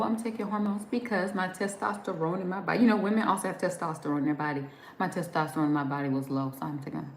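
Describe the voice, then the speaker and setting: A woman from New Jersey with a Southern accent, rambling and laughing as she chats with viewers on a live stream. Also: fairly low pitch. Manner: chatty, rambling, laughs often. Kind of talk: casual chat reading viewer comments. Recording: echoey room with faint background noise.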